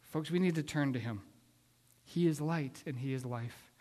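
A man preaching a sermon, telling a story in an earnest, halting way with many restarts. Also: a little high, a little mellow, in a large hall. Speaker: pastor.

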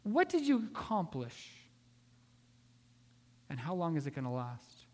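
A man preaching a sermon, telling a story in an earnest, halting way with many restarts. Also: a little high, wildly swooping pitch, a little mellow, big-room sound. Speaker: pastor.

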